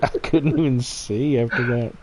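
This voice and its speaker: A man's voice: mid-range voice, normal speed, heavy background noise. A man hosting a casual livestream, laughing hard and reading viewer comments aloud, teary-eyed from laughter. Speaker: channel host.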